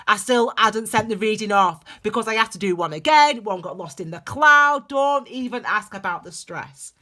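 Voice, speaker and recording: Lady tarot reader rambling on, super bright crisp voice, gets all excited. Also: medium pitch, normal speed, few pauses. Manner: chatty, digressive and animated; calls viewers "my darlings". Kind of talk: casual tarot reading vlog.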